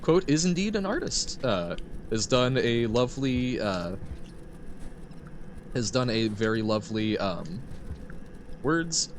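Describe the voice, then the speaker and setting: Man, game streamer, animated pitch, giggly chatter, faint background noise. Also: slow, long pauses. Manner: chatty, giggly, reads chat aloud. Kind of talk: casual gameplay commentary.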